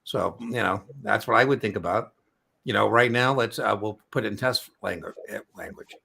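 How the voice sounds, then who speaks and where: Gravelly, bright-voiced chatty man. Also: lowish voice, normal speed. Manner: chatty, rambling, jokey. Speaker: exam prep host. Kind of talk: casual live-stream chat.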